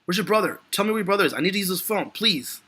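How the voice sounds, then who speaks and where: A man's voice: high voice, lively intonation, rapid-fire, pushed and bright, husky, pitched above the performer's own voice, heavily acted. A man putting on the voice of a frantic stranded man who pleads urgently for a phone. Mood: pleading.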